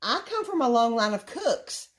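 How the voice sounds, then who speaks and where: A woman's voice: on the high side, big pitch swings, moderate pace. Woman, middle-aged, chatty, laughs a lot, casual vlog talk. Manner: chatty, laughs often, Southern country talk. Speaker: co-host of a family vlog. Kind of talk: casual chat.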